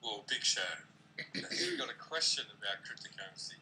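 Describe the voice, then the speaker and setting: A man's voice: mid-range voice, huge pitch swings, moderate pace, pushed and bright. A man from Australia with an Australian accent, joking and teasing as co-host in a casual chat. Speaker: co-host crypto guest. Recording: noisy background ambience.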